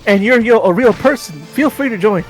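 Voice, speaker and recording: Male streamer, slightly higher voice, talkative, reads chat aloud over soft game music. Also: animated, a little fast. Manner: chatty, reads viewer comments aloud, frequent restarts.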